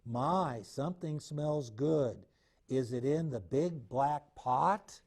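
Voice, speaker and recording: A man's voice: medium pitch, animated, slow, darkish tone, husky, exaggerated voice. A man voicing a polite, friendly duck in a sweet, lifted storybook voice. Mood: pleased.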